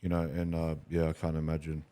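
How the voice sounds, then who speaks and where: Deep, dark-voiced podcast host. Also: male voice, completely flat delivery, brisk. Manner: earnest, repeats words when heated. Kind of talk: interview conversation.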